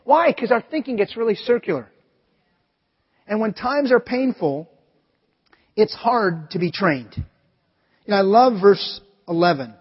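A man's voice: sits high, lively intonation, a little slow, long pauses, husky. A middle-aged man, a pastor, preaching a sermon in a conversational, storytelling way with acted-out asides, recorded in a church sanctuary. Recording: echoey church hall, dull lo-fi audio.

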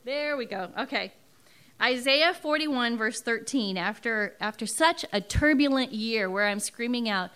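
A middle-aged woman shares her testimony at a church service. Her voice is bright and sits a little high. She speaks earnestly and with emotion, repeating words to drive her points home. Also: expressive, unhurried, clean tone. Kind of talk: personal testimony in a sermon.

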